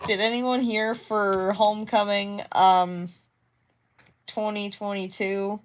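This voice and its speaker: A woman's voice: medium pitch, little pitch movement, slow pace, slight background noise. A young woman chatting casually to her viewers while working on a craft project, rambling with many fillers and restarts. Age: young adult. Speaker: crafting vlogger. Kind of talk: casual chat to camera.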